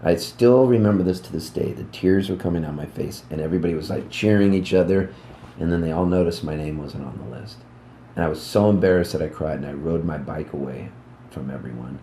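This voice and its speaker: A man in his fifties, a musician, telling rambling, animated anecdotes in a casual interview backstage at a music club. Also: extremely low pitch, brisk, roomy sound, a little hiss or hum. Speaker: musician guest.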